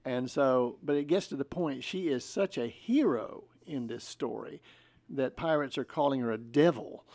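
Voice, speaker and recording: A man's voice: mid-range voice, normal speed, a little mellow. A man, a theater director, talking enthusiastically about his production in an interview. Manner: enthusiastic, explains with asides and chuckles. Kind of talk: casual interview talk.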